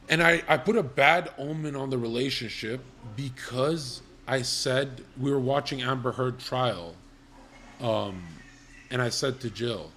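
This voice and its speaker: Casting: young male streamer, mid-pitched, crude rambling storyteller, faint background noise. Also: a little slow, fairly bright tone. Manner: profane, rambling, blunt. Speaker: livestream host.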